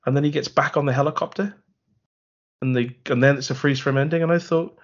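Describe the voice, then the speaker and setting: Guy ranting sarcastically about a bad movie, husky voice, kinda muffled lo-fi podcast sound. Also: mid-range voice, steady tone, fast talker. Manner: wry, rambling, sarcastic storytelling. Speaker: podcast co-host. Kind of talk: casual film review chat.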